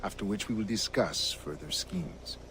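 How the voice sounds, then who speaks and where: An actor playing a scheming colonial governor in a video game, measured and smooth. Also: male voice, lowish voice, big pitch swings, bright, forceful tone, slight background noise, exaggerated voice.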